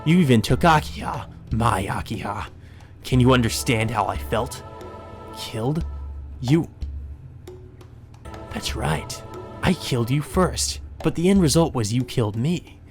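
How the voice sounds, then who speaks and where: A man's voice: mid-range voice, animated, a little slow, long pauses, soft background music. A man reading a visual novel aloud, voicing a vengeful, resentful young man in a bitter, accusing, cold manner.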